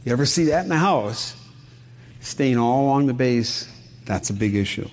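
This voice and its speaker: Slight background noise sits under this man's medium-pitched, lively, somewhat mellow voice, which moves at a moderate pace. He's a middle-aged home inspector from Wisconsin presenting a seminar in a conversational, folksy way, telling stories and quizzing the room.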